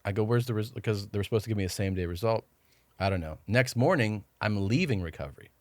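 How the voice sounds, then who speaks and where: A man's voice: on the low side, animated, fast, no room sound. Dry-sounding man telling rambling stories. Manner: rambling anecdotes, acting out what others said. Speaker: podcast guest. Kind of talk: casual storytelling chat.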